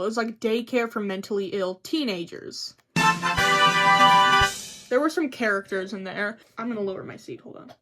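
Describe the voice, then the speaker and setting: A young woman vlogging to camera in a casual, rambling chat, swearing freely and joking at her own expense. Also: a little high. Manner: rambling, profane, self-mocking.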